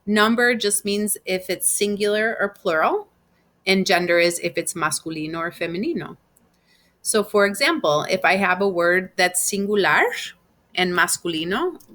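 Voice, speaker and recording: A woman's voice: on the low side, bright, forceful tone. A woman teaching Spanish grammar in a recorded class, explaining patiently step by step with examples.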